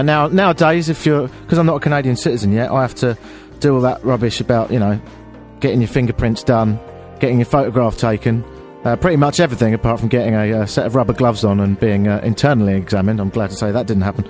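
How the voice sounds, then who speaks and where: A man's voice: mid-range voice, steady tone, fast, a little mellow, soft background music. A man telling an exasperated, self-deprecating story on air as a radio host.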